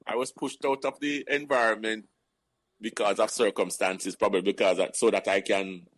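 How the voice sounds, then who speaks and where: Jamaican man, halting and low. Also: fairly even intonation, a bit bright, no room sound. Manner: halting, many restarts and fillers. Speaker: guest. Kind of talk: casual reminiscing interview.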